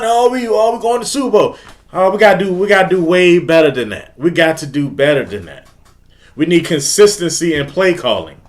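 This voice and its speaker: A man's voice: fairly high pitch, fairly bright tone. A man hosting a casual live-stream sports talk, repeating himself in frustrated, emphatic bursts. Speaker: host of a fan live stream.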